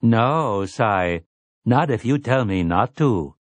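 A man's voice: mid-range voice, expressive, slow, dry recording. A man voicing a smug, complacent male robot who speaks with prim, precise diction.

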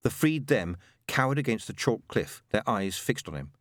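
A man narrating a novel as an audiobook with expressive, dramatic storytelling. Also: fairly low pitch, normal speed, no room sound, studio quality.

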